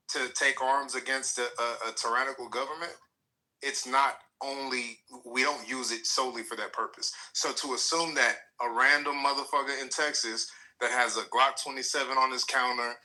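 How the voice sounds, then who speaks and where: A man in a live-chat debate, explaining his point at length in a measured way. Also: medium pitch, steady tone, bright, forceful tone, rough recording. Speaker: participant in a live audio chat. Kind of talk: heated live-stream debate.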